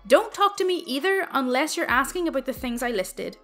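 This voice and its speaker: A woman's voice: high voice, big pitch swings, a little fast, fairly bright tone, faint music behind, heavily acted. Woman reading as a curt, bossy store supervisor woman. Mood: condescending. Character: condescending woman head of customer service.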